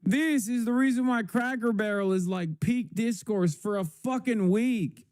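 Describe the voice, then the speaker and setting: Sarcastic swearing male streamer, dark voice. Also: very high voice, a little slow, clear, resonant tone, dry recording, clean studio sound. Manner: sarcastic, exasperated, swears a lot. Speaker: live streamer reacting to clips. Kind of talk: casual profane commentary.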